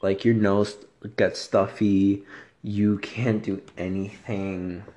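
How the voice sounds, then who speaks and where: A man talks slowly and unhurriedly on his own podcast. His voice sits low, and it is soft. He rambles in a laid-back way, swearing freely. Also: flat delivery. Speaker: podcast host. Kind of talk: casual solo podcast chat.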